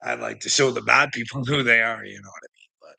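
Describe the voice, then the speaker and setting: A man talks to his livestream viewers in a profane, rambling rant, often breaking off to laugh. His voice is gravelly and husky, with a forceful, tense edge. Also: mid-range voice, fast talker.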